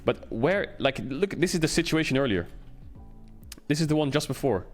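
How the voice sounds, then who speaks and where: A man streaming game commentary, ranting and swearing as he breaks down plays and hammers points home through repetition. His voice sits a bit high for a man, and faint music plays underneath. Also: animated, normal speed. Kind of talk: casual gameplay commentary.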